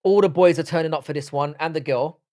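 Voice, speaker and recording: A man's voice: a little high, fast talker, dark tone. Crude, bantering man with a London accent. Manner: banter-heavy, crude, reads chat aloud. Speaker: livestream host. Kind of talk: casual live-stream chat.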